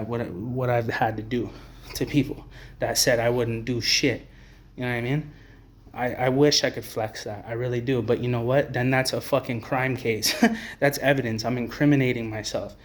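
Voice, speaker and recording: A man delivering a profane, blunt, rambling to-camera rant as an advocate for homeless people. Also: mid-range voice. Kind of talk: ranting to-camera monologue.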